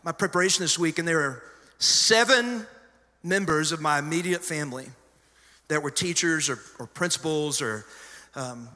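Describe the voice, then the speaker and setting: A middle-aged pastor preaching a sermon, telling stories conversationally with sudden loud emphasis. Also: male voice, on the high side, moderate pace. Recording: long hall reverb.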